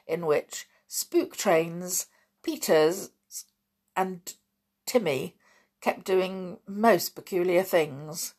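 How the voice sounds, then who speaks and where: A woman narrating a children's storybook in a soft, measured way. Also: on the low side, slightly rough. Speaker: audiobook narrator.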